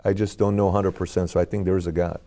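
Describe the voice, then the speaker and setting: A man's voice: low voice, level tone, very fast, dark tone. A man, an army veteran, giving an earnest personal testimony in an interview, talking conversationally and asking searching questions aloud. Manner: conversational, with frequent "like" and "okay?".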